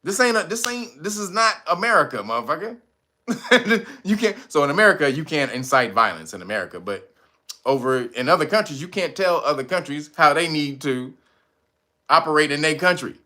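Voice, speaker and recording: A man hosting casual political commentary, profane and animated, laughing often. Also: a little high, fairly quick. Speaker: commentary channel host.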